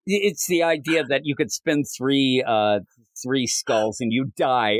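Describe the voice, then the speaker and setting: A man's voice: mid-range voice, normal speed, no echo. A man co-hosting a comic book podcast, recapping issues in casual chat and acting out the dialogue. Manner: animated, acts out dialogue in voices.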